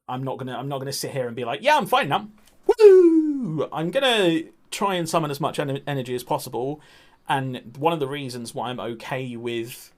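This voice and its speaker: A man talking candidly on a livestream, nervous and a little breathless, halting with restarts and frequent ums. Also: mid-range voice. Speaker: streamer.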